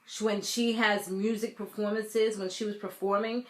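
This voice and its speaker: An American woman from a Caribbean family, doing a casual reality TV recap in a sassy, animated way, talking straight to her viewers. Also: mid-range voice, moderate pace, echoey room. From Caribbean family, raised in the US. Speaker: TV recap vlogger.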